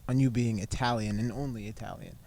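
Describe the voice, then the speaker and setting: A man's voice: fairly low pitch, brisk, creaky, a little mellow. A young man chatting casually outdoors on a rooftop, joking and laughing often as he guesses. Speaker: co-host guessing ancestry results. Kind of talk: casual banter.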